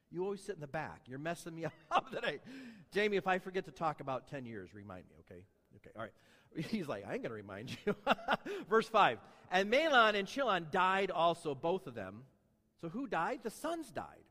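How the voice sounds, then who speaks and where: A man preaching a sermon in a church, reading scripture aloud and asking his congregation lively rhetorical questions. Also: on the high side, big-room sound. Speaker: pastor.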